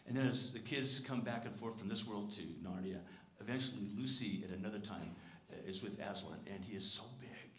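A man preaching a sermon as pastor, earnest and emphatic, dropping soft and low on tender lines and telling stories with lively quoted voices. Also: fairly quick. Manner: lively storytelling, putting on character voices in quotes. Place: church sanctuary. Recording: echoey church sanctuary with faint room noise.

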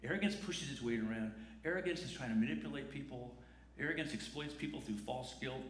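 A man's voice: medium pitch, a little fast. Conversational preaching man, echoey church. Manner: conversational preaching with rhetorical questions. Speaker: pastor. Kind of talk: sermon. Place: church sanctuary.

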